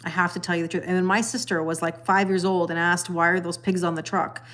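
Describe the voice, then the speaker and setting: A woman's voice: fairly low pitch, steady tone, quick pace, a bit bright. A middle-aged woman hosting a casual livestream, chatting to viewers and reading their comments aloud, laughing often and repeating her phrases. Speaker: tarot reader livestream host.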